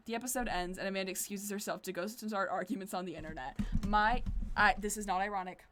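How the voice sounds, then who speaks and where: A woman's voice: medium pitch, fast talker. A woman streaming a dating game, reading it aloud with wry, chatty commentary. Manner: wry, chatty, deadpan asides.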